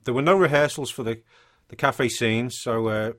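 Man, podcast co-host, chatty, mid pitch, reads through notes with asides. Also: moderate pace, fairly bright tone. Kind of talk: casual podcast chat.

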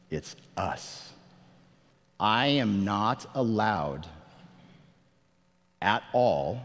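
A man preaching a sermon as pastor, earnest and conversational, with self-deprecating asides and emphatic questions to the congregation. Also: lowish voice. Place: church sanctuary. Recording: long reverb of a large hall.

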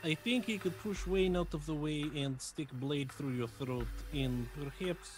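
A man's voice: fairly high pitch, a little slow, close to an everyday voice. A man voicing a stern, earnest warrior who keeps insisting on the danger.

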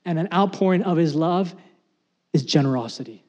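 A man's voice: normal speed, darkish tone, in a large hall, dull audio. A man preaching a sermon as pastor, emphatic and repetitive, rising to intense passages. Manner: emphatic preaching, repeating key phrases, rising to high intensity.

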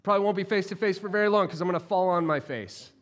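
A man's voice: high voice, quick pace, fairly bright tone. A man, a pastor, delivering a sermon in a conversational, playful way with frequent restarts.

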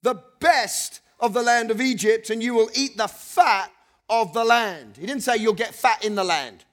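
A man's voice: very high voice, moderate pace. A middle-aged male pastor preaching a sermon, reading scripture with conversational asides and leading the congregation in call-and-response. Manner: animated, leads the congregation in repeated call-and-response; chuckles between points, conversational asides.

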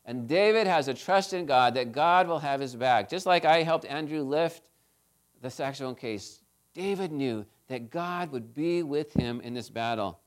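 A man preaching a children's sermon, retelling a story in a chatty, animated way and asking his listeners questions. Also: a little high, a little slow.

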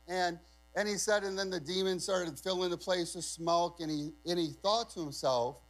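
A man's voice: high voice, moderate pace, faint music behind, poor audio. A male pastor preaching a sermon in a conversational, emphatic way, often asking the congregation questions.

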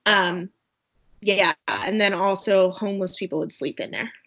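A woman's voice: medium pitch, unhurried, a bit bright. A woman co-hosting a podcast, recapping a movie in casual chat, rambling with many fillers and asides. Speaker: podcast co-host. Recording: dull lo-fi sound.

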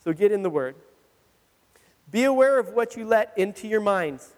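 A man with a high voice preaches a casual, animated sermon, slipping into personal stories and chuckling at his own admissions. His voice rings out with a long reverb, as if from a big church hall. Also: normal speed. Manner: animated, conversational, laughs at himself. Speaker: pastor.

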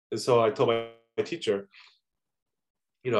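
A man's voice: fairly low pitch, moderate pace, pauses often. A man giving a conversational sermon, earnest and personal, often adding "you know" as he talks. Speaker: preacher.

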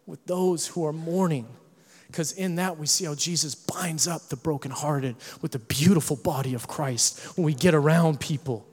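A man preaching a sermon as pastor, animated, swinging between hushed tones and shouting, with joking asides to the congregation. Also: on the high side, moderate pace, slightly rough. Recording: long hall reverb.

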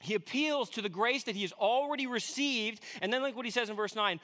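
A man in his thirties preaching a sermon, telling a family story with earnest warmth and some self-deprecating humor. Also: sits high, fast talker, few pauses. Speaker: pastor.

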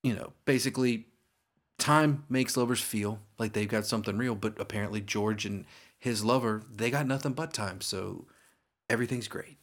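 Male co-host, slightly low, chatty storyteller tone. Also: fairly bright tone. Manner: chatty storyteller, quick asides. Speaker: podcast co-host. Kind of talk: casual chat.

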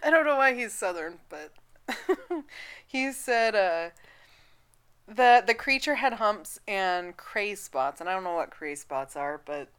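A woman co-hosting a casual podcast chat, giggly and laughing often, audibly high. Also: animated, slow, a bit bright, smooth. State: high on cannabis. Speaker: podcast co-host.

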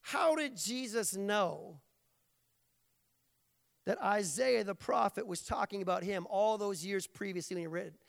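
A man's voice: high voice, animated, measured pace, gravelly. Man, preacher, sermon, playful jokey delivery, long hall reverb.

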